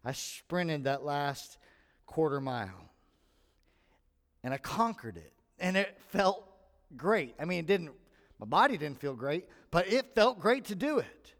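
A man preaching a sermon with animated delivery, acting out the voices he quotes. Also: on the high side, measured pace. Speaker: pastor. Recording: long hall reverb.

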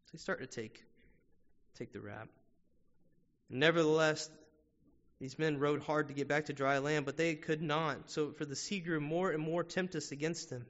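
Conversational pastor preaching in a reverberant hall. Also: male voice, fairly high pitch, normal speed. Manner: conversational preaching with rhetorical questions. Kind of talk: sermon. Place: church sanctuary. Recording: muffled sound with long hall reverb.

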